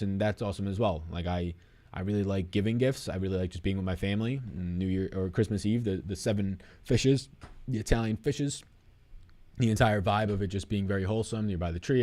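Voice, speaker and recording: A man's voice: fairly low pitch, fairly even intonation, fast, warm tone. A young man hosting a live stream, casually answering chat questions in a rambling, swearing, off-the-cuff way.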